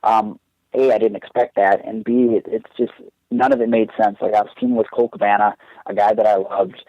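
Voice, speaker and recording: A young man with a somewhat low voice tells a long personal story in a loose, rambling way, full of "like" and restarts. The audio is dry and a bit dull, like a lo-fi podcast recording. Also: little pitch movement, brisk, no echo. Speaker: podcast guest, pro wrestler. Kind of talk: casual storytelling.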